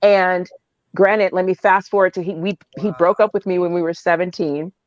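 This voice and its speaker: A woman's voice: moderate pace, no echo, lo-fi sound. A woman from Oakland in her thirties, a podcast guest telling a long personal story with lots of laughter and quoted voices. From Oakland, California. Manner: animated, laughs often, acts out quotes in a high voice. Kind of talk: casual storytelling.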